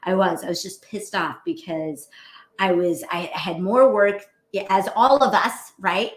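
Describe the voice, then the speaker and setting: Animated, laughing woman physician. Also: medium pitch, measured pace. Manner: animated, laughs often, chatty. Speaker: physician and show host. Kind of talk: casual motivational talk. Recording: roomy echo.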